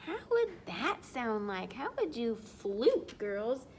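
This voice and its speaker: A high, lively woman's voice reads a picture book to young children at a slow, unhurried pace. She talks in a sing-song, animated way and drops to whispers now and then. A faint noise sits under the recording. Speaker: teacher.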